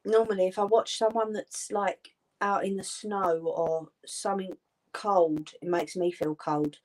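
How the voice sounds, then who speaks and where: A woman's voice: medium pitch, fairly even intonation, a little slow. A woman hosting a craft live stream, chatting casually and answering her viewers' comments.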